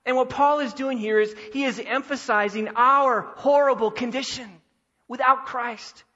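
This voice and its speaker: A man's voice: extremely high pitch, fairly even intonation, moderate pace, bright, forceful tone, lo-fi sound. A man preaching a sermon as pastor, earnest and emphatic, repeating key phrases for weight. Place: church sanctuary.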